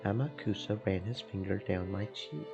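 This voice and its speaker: A man streaming a let's play, reading first-person visual novel narration aloud in a slow, emotive way with game music behind. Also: fairly low pitch, expressive, vocal fry, highs cut off. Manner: slow, emotive reading that swells into panicked repetition.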